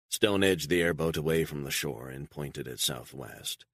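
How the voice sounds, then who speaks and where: A man with a deep voice narrates a spy thriller audiobook. His reading is measured and even. The recording is dry and close. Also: dry recording. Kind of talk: scripted narration.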